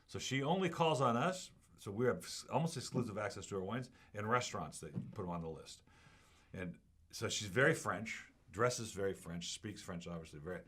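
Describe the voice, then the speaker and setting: Deep-voiced enthusiastic wine show host. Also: male voice, animated, brisk, fairly bright tone, breathy edge. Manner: enthusiastic, rambling storyteller. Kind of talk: casual tasting chat.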